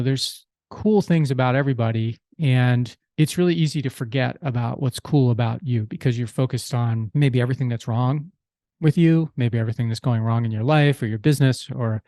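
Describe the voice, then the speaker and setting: A man's voice: mid-range voice, warm tone, dry recording. Easygoing man telling a story, dry sound. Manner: easygoing, with restarts and "you know". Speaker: podcast host. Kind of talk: casual storytelling monologue.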